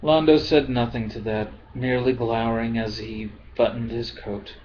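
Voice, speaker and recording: A man reading a novel aloud in a slow, calm way, as an amateur audiobook reader. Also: medium pitch, dull audio, a little hiss or hum. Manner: slow, calm, apologetic about his accents.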